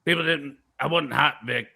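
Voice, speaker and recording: A gruff huckster of a radio host, as a comedian puts him on, all gravel and rumble from the back of the throat. He boasts about himself and keeps pushing his products with a bright, cutting edge. The voice sits a little high for a man. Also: measured pace, exaggerated voice. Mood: boastful.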